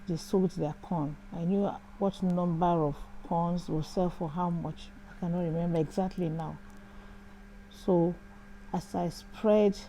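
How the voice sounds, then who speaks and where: A woman's voice: on the low side, warm tone, a little hiss or hum, low-quality recording. A woman hosting a show, telling a personal faith testimony in a reflective way, often repeating phrases. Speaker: host.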